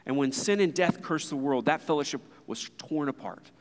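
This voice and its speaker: A man's voice: fairly high pitch, expressive, moderate pace. A man in his thirties preaching a sermon as pastor, earnest and conversational, with asides to the congregation. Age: 30s. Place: church sanctuary. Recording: long reverb of a church hall.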